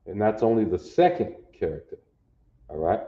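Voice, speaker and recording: A man teaching a language class, slow and patient, sounding out each syllable aloud. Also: on the low side, big pitch swings, mellow, roomy sound, dull audio. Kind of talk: classroom lesson.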